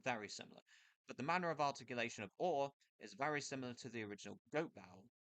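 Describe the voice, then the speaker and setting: A man giving a casual spoken explainer over a screen recording, thinking aloud in a loose, hesitant way with pauses and restarts. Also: mid-range voice, animated, a bit bright, dry recording. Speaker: video creator explaining accents. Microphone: computer mic with screen capture.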